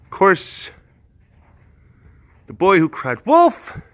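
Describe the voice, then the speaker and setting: A man's voice: high voice, huge pitch swings, drawn-out words, fairly bright tone, dry recording. A man casually retelling old fables, rambling and full of filler words. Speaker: host. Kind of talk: casual storytelling.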